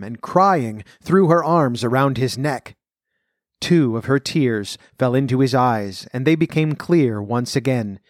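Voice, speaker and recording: A man reading a fairy tale aloud in a measured, even way, then talking about where the story came from. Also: medium pitch, dry recording, studio quality. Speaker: storyteller and folklore commentator.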